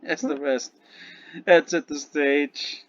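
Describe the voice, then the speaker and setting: A man's voice: a little high, steady tone, takes it slowly, fairly bright tone, no echo, muffled recording. A man narrating a tabletop game as game master, rambling and correcting himself as he goes.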